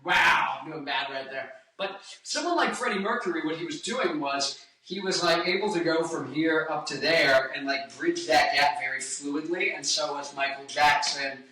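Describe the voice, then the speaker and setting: Male singer, twenties, rambling vlogger tone, bright, echoey room with the mic at a distance. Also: fairly high pitch, moderate pace. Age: 20s. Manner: rambling, jokey, breaks into song snippets. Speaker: singer and guitarist giving vocal tips. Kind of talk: casual vlog with sung demonstrations.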